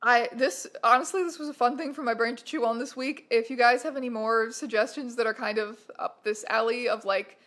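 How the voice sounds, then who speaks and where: A woman hosting a casual internet-culture commentary vlog, talking in an animated, emphatic and playful way. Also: fairly high pitch, a little fast, few pauses. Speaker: YouTube host.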